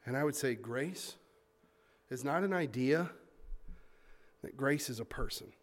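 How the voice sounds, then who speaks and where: A man preaching a sermon, swinging from loud emphatic points to quiet asides and acting out listeners' complaints in mock voices. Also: medium pitch, expressive, a little slow. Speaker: pastor.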